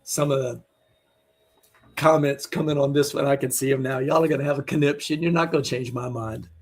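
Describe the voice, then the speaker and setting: A man's voice: mid-range voice, steady tone, fairly quick, slightly rough. A man giving an online teaching sermon, emphatic, blunt and scolding as he presses his point. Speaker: Bible teacher.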